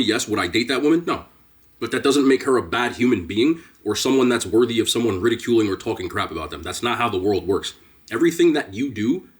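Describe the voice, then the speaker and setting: Earnest man lecturing his viewers. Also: mid-range voice. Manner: earnest, emphatic, preachy. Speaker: mukbang vlogger. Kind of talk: casual commentary to camera.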